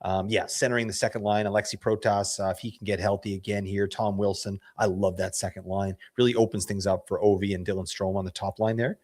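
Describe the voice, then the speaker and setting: A man hosting a fantasy hockey show, hoarse from losing his voice, chatting casually in a rambling, self-correcting way full of slang. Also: fairly low pitch, flat delivery, fairly quick, few pauses, a little mellow. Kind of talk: casual analysis chat.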